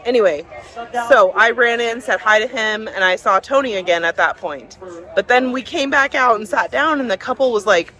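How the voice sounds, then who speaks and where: A woman vlogging on a cruise ship, chatting excitedly about her day. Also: a little high, normal speed, low-quality recording. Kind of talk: casual vlog chat. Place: busy cruise ship lounge. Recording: crowd noise. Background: crowd chatter.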